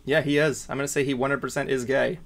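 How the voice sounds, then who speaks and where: A man's voice: mid-range voice, little pitch movement, fast talker, gravelly, a bit bright. A man hosting a casual livestream chat, rambling and chatty, trailing off with fillers. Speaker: podcast host.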